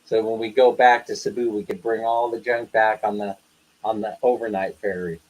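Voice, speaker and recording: In poor audio, an older Western man hosting a casual live chat spins stories in a chatty way, laughing a lot and acting out quoted lines. His voice sits on the low side, level and a little mellow, at normal speed.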